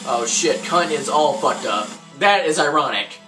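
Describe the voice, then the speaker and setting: A young man giving crude, profane gameplay commentary, ranting loudly and then muttering under his breath. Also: on the high side, animated, moderate pace, far from the mic, soft background music. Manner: loud, crude, ranting, jumps between yelling and muttering. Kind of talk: profane let's-play commentary.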